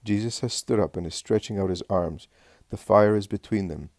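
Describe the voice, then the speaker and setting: A man narrating religious prose in a steady, even reading voice. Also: lowish voice, normal speed, dry recording, clean studio sound.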